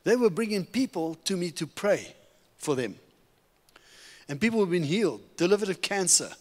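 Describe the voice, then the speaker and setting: A middle-aged man from Africa giving a sermon testimony as a guest preacher, telling his story in an animated, humorous way. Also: high-pitched, moderate pace. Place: church sanctuary. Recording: long reverb of a church hall.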